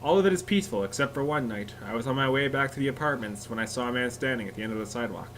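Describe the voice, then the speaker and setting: A man's voice: mid-range voice, very fast, a bit bright, a little hiss or hum, low-quality recording. A man reading a scary story aloud to friends, often laughing and stopping to joke about it. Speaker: story reader.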